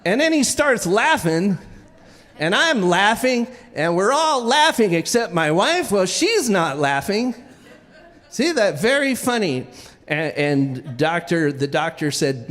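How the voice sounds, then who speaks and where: A man's voice: high-pitched, big pitch swings, slow, a bit bright, long reverb tail. Man telling a comic story on stage. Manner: comic, self-deprecating, stammering restarts.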